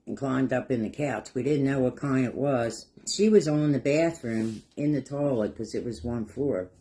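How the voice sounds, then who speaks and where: A man's voice: medium pitch, normal speed, dark tone. A middle-aged man telling rambling, folksy stories and chuckling as he paints a craft project for his vlog. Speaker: craft vlogger. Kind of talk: casual storytelling while painting.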